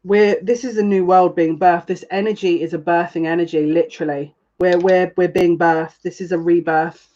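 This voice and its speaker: A woman giving a live-streamed tarot reading, chatting with viewers, emotional and gushing, with excitable quick restarts. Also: fairly low pitch, lo-fi sound. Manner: emotional and gushing, easily moved. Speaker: psychic tarot reader.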